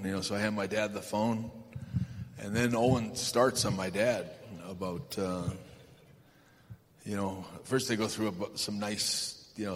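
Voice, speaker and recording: A man being interviewed on a live stage, telling anecdotes in a rambling, halting way with lots of fillers and chuckles. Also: lowish voice, steady tone, slight background noise. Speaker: guest. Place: large event hall stage. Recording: reverberant hall, faint ambience.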